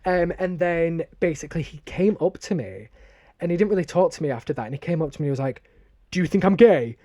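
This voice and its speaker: Telling a story bluntly and with lots of swearing, a young man from northern England co-hosts a casual podcast in his Northern English accent. His voice is a little high and mellow, and he talks fast.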